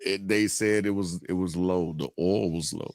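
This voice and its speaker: A man's voice: low-pitched, steady tone, moderate pace, darkish tone, dry recording, studio quality. A man with a Chicago accent on a podcast, telling stories with laughs and cursing. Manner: laughing, profane storytelling. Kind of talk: casual chat.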